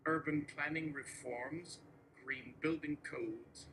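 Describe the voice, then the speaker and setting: A man reading a satirical political speech aloud in a deadpan way, listing names and policies one after another. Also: mid-range voice, normal speed, background noise. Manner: steady listing delivery. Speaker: host reading a mock speech.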